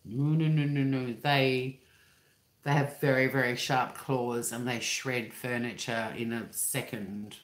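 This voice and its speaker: Low-voiced Australian woman chatting. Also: fairly even intonation. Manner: rambling, swears freely, quick laughs. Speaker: livestream host. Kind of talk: casual chat. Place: living room at home. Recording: roomy echo.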